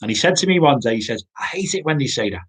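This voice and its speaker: A man giving an informal sermon, halting with many restarts and repeated words. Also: mid-range voice, animated, fairly bright tone, breathy edge. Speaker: pastor.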